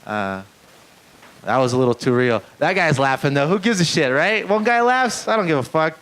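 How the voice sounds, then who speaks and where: A man's voice: a little high, expressive, moderate pace, fairly bright tone, low-quality recording. A man doing a live stand-up set in a small club, rambling and self-deprecating, swearing often and chatting with the crowd. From Mexican-American family. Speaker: stand-up comedian. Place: small comedy club stage.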